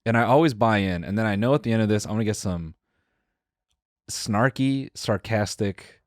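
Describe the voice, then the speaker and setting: A young man with a fairly low voice spins a casual story on a podcast, jumping into the voices of the people he describes and swearing freely. The sound is dry and close to the mic. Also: moderate pace, no echo. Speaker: podcast co-host.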